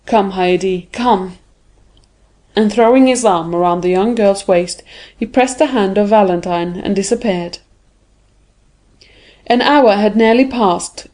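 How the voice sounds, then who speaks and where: A woman narrating a classic novel as an audiobook in an even, measured reading voice. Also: mid-range voice. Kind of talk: scripted narration.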